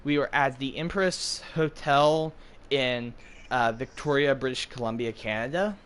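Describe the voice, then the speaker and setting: A man's voice: medium pitch, a little slow, a bit bright, slight background noise. An American man in his twenties chatting casually while gaming, rambling with lots of fillers and jokes. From United States. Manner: rambling, full of fillers, jokey. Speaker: gaming streamer.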